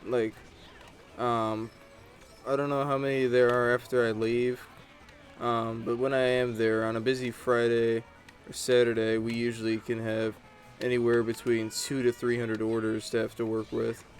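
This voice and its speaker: A man's voice: mid-range voice, level tone, normal speed, faint music behind. A man giving casual gameplay commentary, rambling and chatty as he tells stories while he plays. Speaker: gaming channel host.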